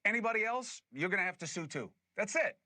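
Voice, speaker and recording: Emphatic bright-voiced male commentator. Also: high-pitched, animated, fast, no echo. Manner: argumentative, emphatic, explains in plain terms. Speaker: host. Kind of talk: political commentary.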